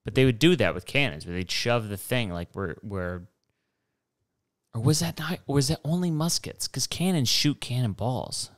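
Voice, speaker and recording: A young man with a mid-range, animated voice rambles through a solo podcast monologue at normal speed. It's digressive and profane, with mocking asides, recorded in studio quality with no echo.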